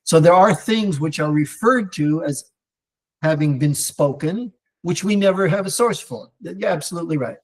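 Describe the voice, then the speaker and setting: A man teaching an online Torah class, talking in a lively, digressive way with many restarts and fillers and mixing in Hebrew terms. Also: on the high side, moderate pace. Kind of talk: animated live online lecture answering viewer comments.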